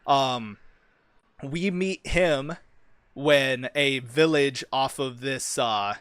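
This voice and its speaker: A young man talks loosely about his own fantasy world, peppering it with curse words, ums and likes. His voice sits at an ordinary middle pitch. The sound is dry and close, with no room around it. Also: extremely slow, a bit bright, smooth, no echo. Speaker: streamer and fantasy writer. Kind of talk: casual chat about a fantasy story.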